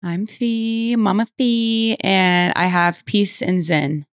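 Chill mom co-host, amused, mid-pitched voice. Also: female voice, fairly even intonation, takes it slowly, smooth. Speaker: podcast co-host, mother. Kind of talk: casual podcast chat.

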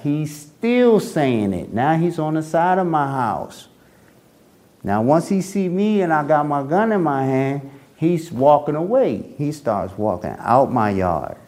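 A man recounting a past confrontation in first-person storytelling, acting out voices as he goes. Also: medium pitch. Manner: animated, acts out voices in his story. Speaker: interviewee recounting his past.

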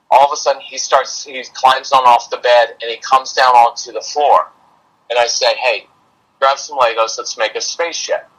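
A middle-aged man who coaches parents shares a personal anecdote on a podcast, performing both his own quotes and his son's with animation. He speaks at a medium pitch in a low-quality recording.

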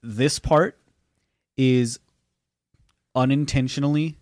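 Animated, swearing podcast co-host, a man. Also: medium pitch, takes it slowly, no room sound, studio quality. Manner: animated and profane, retelling scenes with emphasis. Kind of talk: casual chat.

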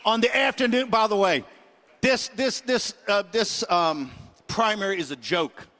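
A middle-aged man hosting a political talk show, ranting combatively and shouting in bursts. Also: high voice, a little slow. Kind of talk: fiery political rant.

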